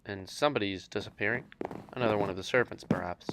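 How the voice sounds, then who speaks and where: A man with a lowish voice tells a game adventure as its narrator, holding a flat, deliberate monotone. The recording carries a steady hiss of background noise. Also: creaky. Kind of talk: comic gameplay narration.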